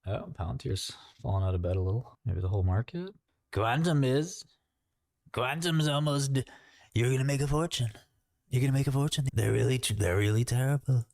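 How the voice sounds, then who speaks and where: A man's voice: mid-range voice, brisk, gravelly, darkish tone, dry recording, studio quality. A man hosting a casual trading livestream, rambling and joking as he thinks aloud and talks to his chat. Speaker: livestream host.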